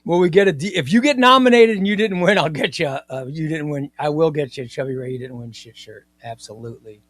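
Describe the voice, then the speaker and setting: Man, live-stream host, casual chat, excitable, rambling, repeats himself, slightly higher voice, dry close sound. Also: fast, dry recording. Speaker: comics livestream host.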